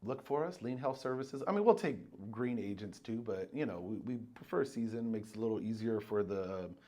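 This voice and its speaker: A man guesting on a podcast, chatting casually as an insurance broker and telling animated stories with plenty of restarts. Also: on the low side, a little fast. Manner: animated storyteller, acts out dialogue; frequent fillers and restarts. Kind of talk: casual chat.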